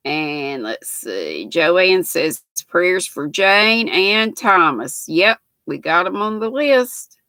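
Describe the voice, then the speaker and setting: A woman's voice: lowish voice, sing-song, slow, sharp tone, no room sound. An older woman hosting a casual livestream, chatting homely and reading out viewers' comments as she greets them by name. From North Carolina, US. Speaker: livestream host.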